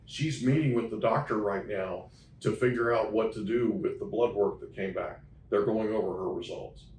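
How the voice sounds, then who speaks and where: A man's voice: lowish voice, normal speed, a little mellow, slight background noise. A man hosting an interview, telling a story with emphasis and often checking in with "okay?". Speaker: podcast host. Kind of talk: casual interview chat. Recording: echoey room, mic at a distance.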